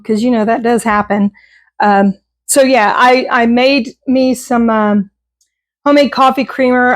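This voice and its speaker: A middle-aged woman with a somewhat high voice chats about her groceries in a relaxed, rambling way. She laughs at herself and often restarts her sentences. The sound is dry and close. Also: no room sound. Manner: chatty and self-deprecating, with frequent laughs and restarts. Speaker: vlogger showing a grocery haul. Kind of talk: casual chat.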